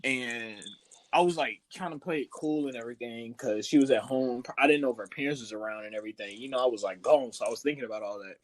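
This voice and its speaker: A young man co-hosting a podcast, telling stories in an animated, laughing way. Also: medium pitch, quick pace. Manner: animated storyteller, loud laughing retellings. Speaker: podcast co-host. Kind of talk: casual chat.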